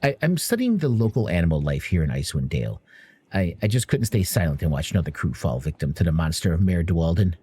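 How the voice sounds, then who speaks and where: A man's voice: deep voice, sing-song, fast, mellow, breathy edge, voice pushed down, heavily acted. Stammering young woman scholar, earnest, fidgety, as a male DM plays her.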